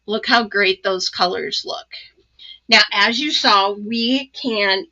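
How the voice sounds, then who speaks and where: A woman hosting a casual live crafting demo, chatty and excited, with many ums and asides. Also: mid-range voice, slow pace, lo-fi sound. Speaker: crafting channel host.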